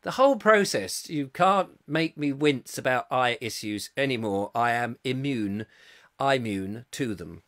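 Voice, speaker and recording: A man's voice: mid-range voice, animated, unhurried, a bit bright. A middle-aged English man hosting a casual live chat show, reading viewer comments aloud in a rambling, self-mocking way.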